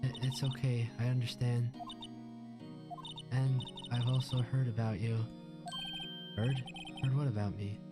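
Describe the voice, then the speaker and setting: A man's voice: medium pitch, flat delivery, unhurried, long pauses, close to an everyday voice. A man voicing a timid young woman who hesitates and stammers as she speaks, over game music.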